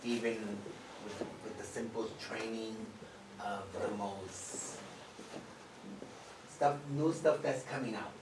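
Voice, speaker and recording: Slow-talking woman. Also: extremely low pitch. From New York. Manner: rambling, frequent throat clearing. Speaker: peer supporter. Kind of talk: sharing remarks in a workshop. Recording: echoey room from far off, background noise.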